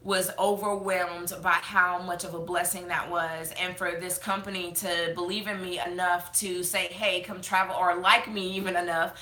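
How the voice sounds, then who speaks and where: Bright-voiced tearful woman chatting. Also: on the low side, little pitch movement, moderate pace, few pauses, echoey room. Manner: chatty, heartfelt, many fillers and restarts. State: tearful, fighting back crying. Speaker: beauty vlogger hosting a live chat. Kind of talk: casual live-stream chat reading comments.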